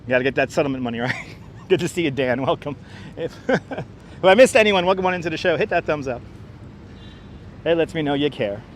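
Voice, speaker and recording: A man hosts a casual walking livestream outdoors on a city street, sarcastic and chatty, greeting viewers by name into a wireless clip-on mic. His voice is a little high, animated and fairly quick, with frequent pauses. The low-quality recording carries a little hiss or hum.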